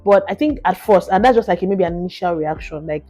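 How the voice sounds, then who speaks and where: A Nigerian woman co-hosting a podcast in casual chat, talking quickly and repeating herself as she gets going. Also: lowish voice, mellow, faint music behind. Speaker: podcast co-host.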